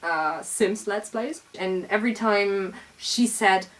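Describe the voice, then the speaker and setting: A young woman with a German accent, which some hear as Australian, talks in a casual chat. She stops and starts with fillers and breaks into laughter easily. Her voice is mid-pitched and the mic picks her up from a little distance. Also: slow, a bit bright. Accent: German, with traces described as Australian-sounding. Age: young adult. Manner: chatty and hesitant, often breaking into laughter. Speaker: co-host.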